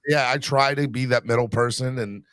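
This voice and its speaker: A man's voice: mid-range voice, fairly even intonation, fairly quick, fairly bright tone, clear, resonant tone, no echo. A man hosting a casual sports podcast chat, talking loosely with lots of fillers and restarts. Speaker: podcast host.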